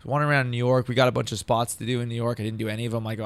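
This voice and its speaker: Barely pausing, this comedian races through a sprawling story as a podcast guest, cursing and throwing in "dude" over and over in the laid-back conversation. He speaks in a mid-range voice whose tone is sharp and clean.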